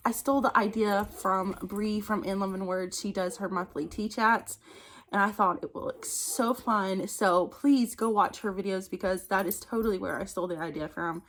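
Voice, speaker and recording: A woman's voice: medium pitch, fairly even intonation, moderate pace, fairly bright tone. A woman, chatting casually in a book vlog at home, talking into a phone camera, laughing often. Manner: chatty, laughs often, distracted by her dog. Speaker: book vlogger. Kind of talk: casual monthly favorites vlog.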